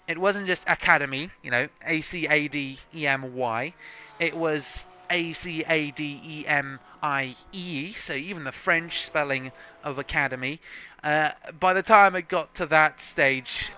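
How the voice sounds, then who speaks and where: Young South African man calling a sim race, chatty and joking, slightly high, bright and forceful tone. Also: measured pace, clear, resonant tone. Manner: chatty, joking, self-deprecating, laughs often. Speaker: race commentator. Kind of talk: live sim racing commentary.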